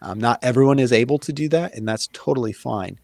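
A man's voice: mid-range voice, quick pace, gravelly, darkish tone, no room sound. A man as an interview guest, explaining in an earnest, thoughtful way with many fillers and restarts. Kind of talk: casual conversational explaining.

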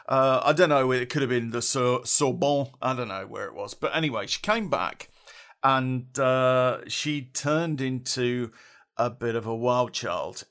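A man's voice: medium pitch, fairly bright tone. A middle-aged man, telling a rambling personal story in casual speech, often chuckling and dropping salty slang. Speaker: podcast storyteller.

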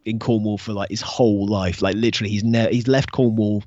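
A man's voice: fairly low pitch, steady tone, a little fast, warm tone, no echo. A British man in casual chat, hesitant, full of fillers and restarts. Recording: dull dry lo-fi sound.

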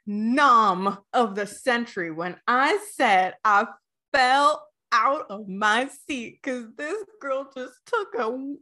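A woman co-hosting a podcast, reacting to the story in casual, animated, joking chat. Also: on the high side, slow pace. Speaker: podcast co-host.

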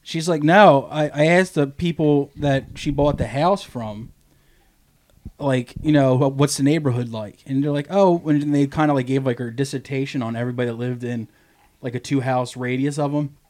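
A man on a casual podcast telling a story, swearing a lot and jumping into a high, goofy voice when he quotes people. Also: fairly even intonation, normal speed, darkish tone. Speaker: podcast co-host. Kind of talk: casual chat.

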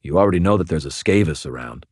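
A man voicing a brooding young male vampire who speaks quietly, in clipped and evasive replies, in an audiobook. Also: low-pitched, lively intonation, fast talker, no room sound, studio quality. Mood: guarded.

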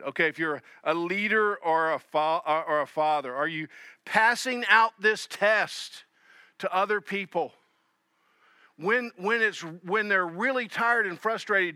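A man preaching with a bright, slightly high voice. He acts out the people in his text, pushing hard on key phrases and then dropping to soft, low asides. The sound is dry and close. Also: smooth, dry recording. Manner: animated, acts out voices of Jesus and Peter; swings between loud emphasis and soft low asides. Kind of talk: sermon.

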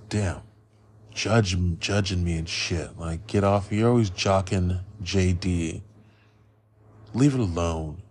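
A man hosting a casual film review podcast, rambling and profane, a bit loopy from being high. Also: takes it slowly, darkish tone, breathy edge. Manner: rambling, loose and profane, goes off on riffs. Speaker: podcast host.

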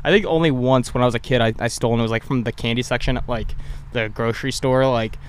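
A man's voice: medium pitch, fairly even intonation, quick pace, slight background noise. A young man chatting casually, rambling through crude stories and acting out what people said. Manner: rambling, crude storytelling with voiced quotes. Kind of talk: casual chat.

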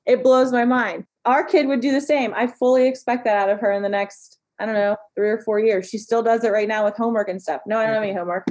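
A woman therapist in a casual podcast chat, animated and sarcastic as she tells stories. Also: a little high, fairly quick, hardly any pauses. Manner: animated, sarcastic, acts out quoted parents.

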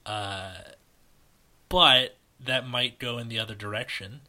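Bright-voiced male podcast host. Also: medium pitch, fairly even intonation, takes it slowly. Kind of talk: casual podcast chat.

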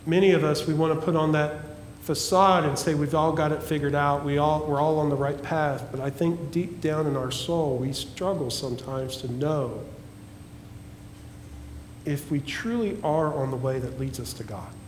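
A male pastor preaching a sermon, emphatic and repetitive, dropping at times to a hushed, pleading tone. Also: a little high, normal speed, a little hiss or hum. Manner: emphatic preaching with repeated phrases and swings from loud to hushed. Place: church sanctuary. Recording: echoey church hall.

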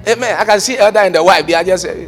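A pastor with a high-pitched male voice preaches a fervent sermon at rapid-fire speed. He swings between loud, shouted calls and quiet asides and slips into sung phrases, with faint music behind him.

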